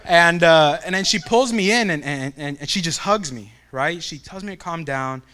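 A young man with a bright, forceful voice gives a devotional talk. He tells a childhood story with animated energy and acts out the family voices. His voice sits a bit higher than most men's. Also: moderate pace, clear, resonant tone.

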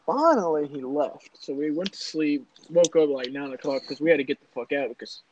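Young man, slightly high voice, profane rambling anecdote, noisy casual recording. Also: animated, a little fast, darkish tone, lo-fi sound. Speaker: storyteller. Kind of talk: casual storytelling among friends.

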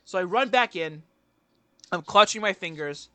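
A man's voice: high-pitched, lively intonation, moderate pace, bright, forceful tone, dry recording. A young man co-hosting a podcast, telling a rambling story with casual swearing. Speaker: podcast co-host. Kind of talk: casual chat.

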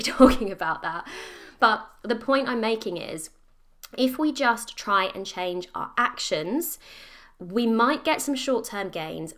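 A woman hosts her solo podcast in an upbeat, chatty way, speaking straight to her listeners. Her voice is bright and forward. Now and then she acts out her own thoughts in a lively way. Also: mid-range voice. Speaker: podcast host. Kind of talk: casual solo podcast talk.

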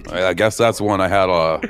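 A man's voice: low voice, normal speed. A man guesting on a podcast, trading jokey, self-mocking banter in casual chat.

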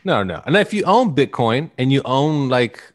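A man's voice: mid-range voice, very animated, moderate pace. A man hosting a casual podcast, rambling and joking with his co-hosts. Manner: rambling, joking, restarts a lot. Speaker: podcast host.

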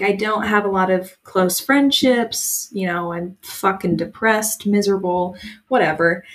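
A young woman co-hosting a podcast, candidly telling a personal story in casual chat. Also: medium pitch. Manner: candid, emotional storytelling with frequent "like" fillers. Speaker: podcast co-host.

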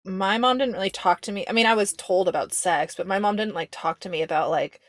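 A woman's voice: mid-range voice, dry recording. Young woman rambling casually, tons of likes, dry close mic. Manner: chatty, lots of "like", quick asides and laughs. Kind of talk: casual chat.

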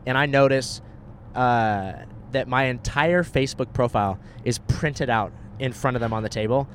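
A man's voice: mid-range voice, moderate pace, a little hiss or hum. A young man casually telling a story on a podcast, acting out the people he quotes and swearing freely.

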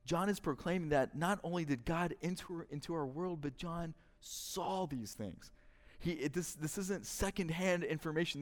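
A man preaching a sermon, emphatic, his delivery swelling and dropping in intensity. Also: on the high side. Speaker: pastor. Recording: long reverb of a large hall.

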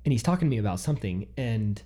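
A man's voice: lowish voice, racing. A man in his thirties telling a personal story in a casual chat, acting out what he and others said. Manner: animated, quotes himself and others.

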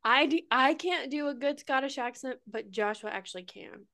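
Woman w/ midwest-southern accent, bit high voice, playful gushy podcast chat. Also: normal speed, bright, forceful tone. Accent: Midwestern-Southern American. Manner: playful, gushing. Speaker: podcast co-host. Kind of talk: casual chat.

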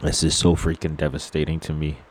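Solemn, halting man with a very deep voice. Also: monotone, slight background noise. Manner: halting and solemn, with many fillers and restarts; earnest, sorrowful. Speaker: vlogger. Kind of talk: unscripted personal monologue.

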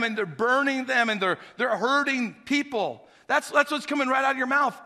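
A male pastor preaching a sermon, swinging between quiet, conversational asides and loud, shouted exhortation. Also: extremely high pitch, in a large hall.

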